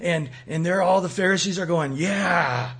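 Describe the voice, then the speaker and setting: A man preaching a sermon, acting out quoted voices and swinging between loud and soft. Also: high voice, fairly even intonation, brisk, husky. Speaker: pastor.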